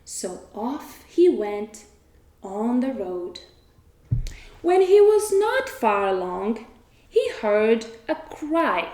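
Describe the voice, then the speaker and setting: A woman storyteller reads a children's tale very slowly and expressively. Her voice is high, mellow, and lively in pitch. The room around her is echoey.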